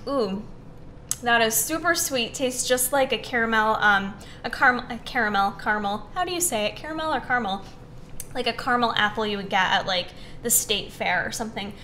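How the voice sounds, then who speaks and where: Chatty young woman with a higher voice. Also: fairly quick, bright, forceful tone, a little hiss or hum. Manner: chatty, upbeat, frequent "um" and "like". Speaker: fitness recipe host. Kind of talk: casual recipe demonstration.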